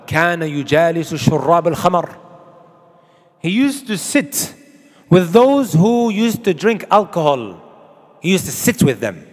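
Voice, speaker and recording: A man's voice: fairly high pitch, long reverb tail. A man preaching a sermon to an audience, emphatic and full of rhetorical questions, with Arabic quotations. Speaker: Islamic preacher.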